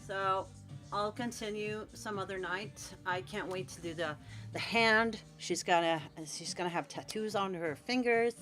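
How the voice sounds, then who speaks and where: A woman's voice: medium pitch, unhurried, fairly bright tone, soft background music. A Scandinavian woman in her forties, a tattoo artist chatting with viewers on a late-night live stream while painting at home. She rambles and encourages, with lots of "like.". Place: at home in a cold room, painting.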